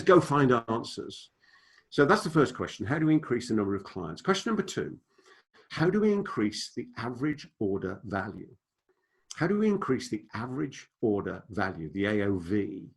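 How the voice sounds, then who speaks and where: An older man giving a business lecture to an audience, telling stories and acting out the dialogue in them. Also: medium pitch. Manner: storytelling, animated, acts out quoted dialogue. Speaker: business speaker.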